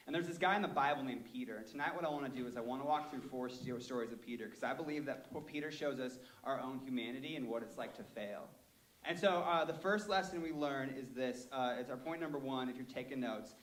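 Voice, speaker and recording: A young man preaching to a youth group, telling a story in an animated, self-deprecating way, with lots of fillers. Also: on the high side, brisk. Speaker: youth pastor. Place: room full of listeners. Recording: echoey room with faint hiss.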